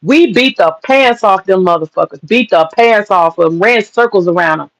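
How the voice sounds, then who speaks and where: High-voiced man telling an emphatic story. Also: normal speed, fairly bright tone, poor audio. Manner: emphatic, profane, repeats lines for punch. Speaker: storyteller recounting political campaign work. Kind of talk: casual storytelling monologue.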